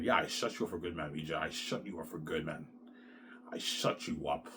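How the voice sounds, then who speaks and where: A man's voice: rumbling low, fairly quick, pushed and bright, slight background noise. A man in his thirties talking in an agitated, repetitive rambling monologue, swearing a lot. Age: 30s. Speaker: vlogger.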